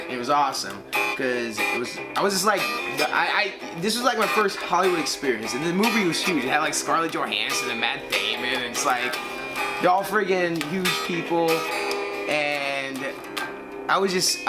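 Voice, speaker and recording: A man telling a casual anecdote in a rambling, halting way. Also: on the high side. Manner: rambling, halting, lots of fillers.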